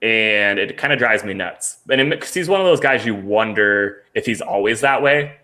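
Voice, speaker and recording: A man's voice: on the low side, animated, normal speed, sharp tone. A man co-hosting a casual sports podcast, talking in a loose, rambling way with lots of fillers. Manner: rambling, filler-heavy, laughs while telling stories. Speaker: podcast co-host.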